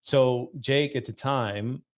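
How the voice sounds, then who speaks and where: A man's voice: medium pitch, takes it slowly, clear, resonant tone. Man telling a story as podcast guest. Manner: relaxed, frequent "you know" and "right?". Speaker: podcast guest, business coach. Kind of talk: conversational storytelling.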